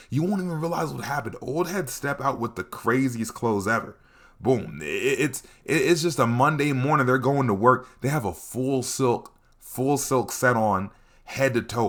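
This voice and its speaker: A young man telling a comedic storytime, animated and quick to repeat his catchphrases. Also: medium pitch. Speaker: vlogger.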